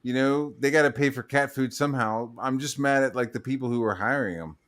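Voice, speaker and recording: A man hosting a loose podcast chat, crude and profane, who often breaks into laughter and mocking voices. His voice sits at an ordinary middle pitch for a man. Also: brisk, fairly bright tone. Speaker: podcast host.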